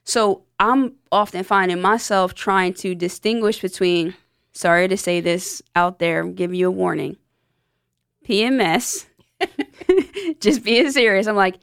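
A woman's voice: mid-range voice, measured pace, vocal fry, clear, resonant tone, dry recording, studio quality. Candid woman hosting a podcast. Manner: candid, joking, talks through her feelings. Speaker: podcast host. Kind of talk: casual podcast chat. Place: studio.

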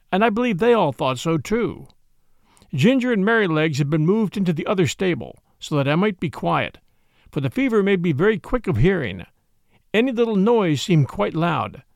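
A man hosting a podcast and reading a classic novel aloud in measured, expressive narration. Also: high-pitched, gravelly, no echo, studio quality. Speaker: podcast reader. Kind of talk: scripted audiobook narration.

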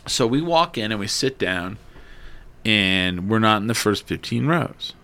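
Bright-voiced man telling a rambling story. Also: fairly low pitch, measured pace. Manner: animated, swears a lot, chatty asides. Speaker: podcast co-host telling a story. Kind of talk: casual storytelling chat. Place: studio.

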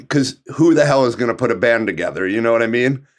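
Man, voice-over artist, casual chat, self-deprecating anecdotes, mid pitch. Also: expressive, fast talker, few pauses.

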